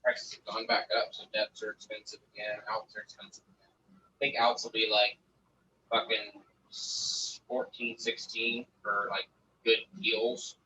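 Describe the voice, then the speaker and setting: The voice is on the low side, with little pitch movement, an unhurried pace and a pushed, bright quality. He's a guest grower chatting profanely on a livestream, wandering through numbers and stories, heard through a distant lo-fi mic with faint noise.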